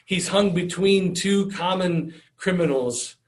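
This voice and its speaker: A man's voice: high voice, slow pace. A man preaching a sermon in an earnest way, often repeating words and restarting his phrases. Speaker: pastor.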